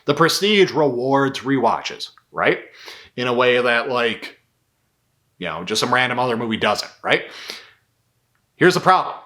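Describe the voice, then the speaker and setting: A man's voice: medium pitch, big pitch swings, measured pace, pauses often, pushed and bright. A man, a filmmaker and video host, giving casual film commentary in a rambling, profane style full of fillers.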